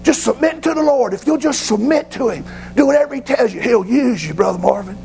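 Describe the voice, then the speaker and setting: A preacher re-enacts an earnest country mechanic who urges a young man to submit to God. The voice rises above the preacher's usual speech and is heavily gravelly as it presses its folksy counsel. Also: very high voice, lively intonation, a little fast, darkish tone, pitched above the performer's own voice, heavily acted, poor audio. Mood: earnest, urging.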